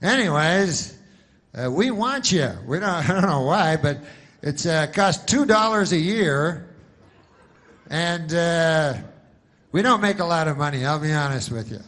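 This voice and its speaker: Dude doing a loud pushy insurance pitchman, kinda higher voice, all salesy. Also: expressive, unhurried. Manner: loud, over-eager sales patter.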